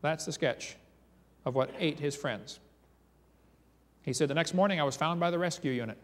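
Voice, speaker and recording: A man's voice: on the high side, moderate pace. A man giving a creation seminar as a lecture full of dramatic storytelling, reading eyewitness accounts aloud with emphasis. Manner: animated, reads eyewitness quotes aloud with emphasis. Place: large hall or church. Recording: long reverb from a hall.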